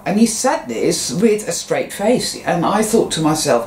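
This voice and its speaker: A woman's voice: lowish voice, sing-song, normal speed, hardly any pauses, a little mellow. A woman vlogging at home, speaking her mind in a rambling, frank way and swearing freely. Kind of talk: casual monologue to camera. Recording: roomy echo, faint background noise.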